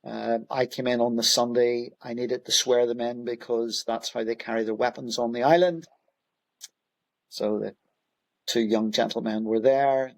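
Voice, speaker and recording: A man's voice: mid-range voice, flat delivery, normal speed, creaky, no echo. A middle-aged man, a police commissioner, telling stories in an interview in a conversational way, with frequent fillers and restarts. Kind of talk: anecdotal interview storytelling.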